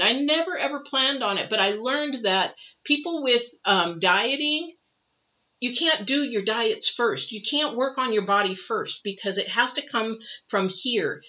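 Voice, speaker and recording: Bright-voiced woman rambling through a tarot reading. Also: on the high side, expressive, unhurried, muffled recording. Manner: rambling, conversational, acts out quoted people. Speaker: tarot reader. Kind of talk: live weekly tarot reading chat.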